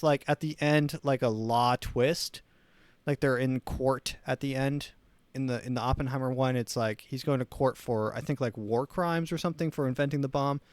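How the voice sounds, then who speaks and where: A man's voice: medium pitch, clear, resonant tone, no room sound. A man hosting a casual solo talk show, rambling with many restarts. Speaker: host.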